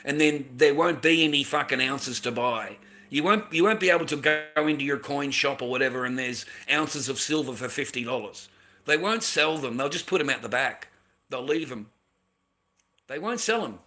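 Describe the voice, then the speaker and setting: Blunt Australian man, very bright voice. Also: medium pitch, moderate pace. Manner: blunt, repetitive, swearing, keeps adding "mate". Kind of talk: casual profane rant.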